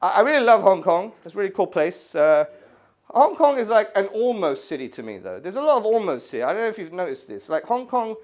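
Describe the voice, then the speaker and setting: A man in his thirties from the UK doing an animated stand-up set in a gallery, acting out voices and screaming kids. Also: high voice, fairly quick. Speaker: stand-up comedian. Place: art gallery before a live audience. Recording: live room with audience laughter.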